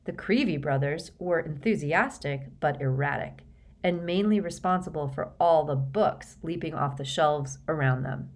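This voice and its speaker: Brief: woman audiobook narrator, slightly low voice, steady measured storytelling. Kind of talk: scripted narration.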